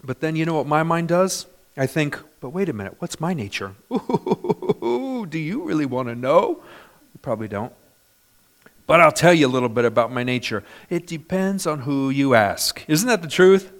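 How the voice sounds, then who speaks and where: A man's voice: fairly high pitch, animated, normal speed. A man in his fifties preaching a sermon in an emphatic, conversational way, often asking his congregation for an amen. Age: 50s. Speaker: pastor.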